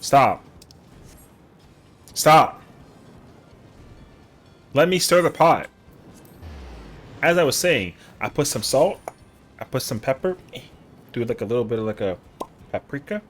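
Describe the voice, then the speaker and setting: A man's voice: mid-range voice, animated, moderate pace, pauses often. A man streaming a game live, chatting casually with viewers in a rambling, slangy way. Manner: rambling, slangy, answers chat.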